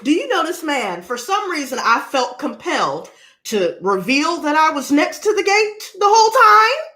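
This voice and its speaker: A young woman who hosts a tarot channel tells a story in a casual vlog, talking loudly and swearing a lot. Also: high voice, moderate pace. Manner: loud, profane, animated storyteller. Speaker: tarot reader and channel host.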